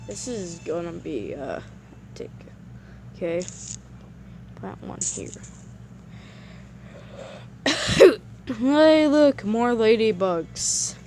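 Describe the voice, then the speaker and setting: Slow-talking excitable woman gaming. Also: medium pitch, gravelly, a little hiss or hum. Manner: excitable, rambling, repeats herself when flustered. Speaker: gameplay commentator. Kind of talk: casual gameplay commentary.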